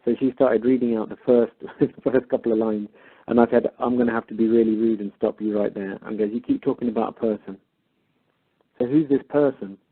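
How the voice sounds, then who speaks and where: Husky man on a phone line. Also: mid-range voice, fairly even intonation, a little fast. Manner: retells a phone call, acting out both sides. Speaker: caller. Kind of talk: casual storytelling.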